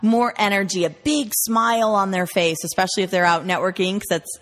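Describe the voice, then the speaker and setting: A woman's voice: medium pitch, fairly even intonation, a little fast, fairly bright tone. A woman guest on an interview, a referral marketing trainer who tells stories emphatically and lists words. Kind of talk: conversational interview. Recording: long hall reverb.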